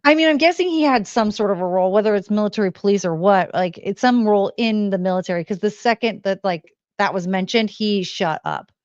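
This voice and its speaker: A woman co-hosting a casual podcast chat, retelling events and quoting people in a raised, animated voice. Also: medium pitch, a little fast, few pauses, clear, resonant tone, no echo, dull audio. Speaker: podcast co-host.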